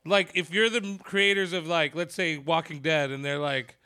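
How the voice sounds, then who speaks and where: A man's voice: on the high side, fairly quick, hardly any pauses, bright, forceful tone. A man co-hosting a podcast in casual chat, chatty and rambling, often laughing. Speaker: podcast co-host.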